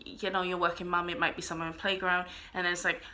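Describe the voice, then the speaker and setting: A woman's voice: fairly low pitch, level tone, quick pace, sharp tone, a little hiss or hum. A young woman vlogger talking casually to camera, earnest and a little rambling.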